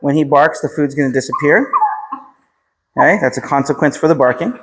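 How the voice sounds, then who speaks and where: An American man working as a dog trainer, calmly explaining a training session to the dog's owners while giving short commands to the dog. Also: a little high, fairly quick. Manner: calm, instructive, repeats short commands to the dog. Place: training room with a dog present. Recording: reverberant room, faint background noise. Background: dog barking and clicks.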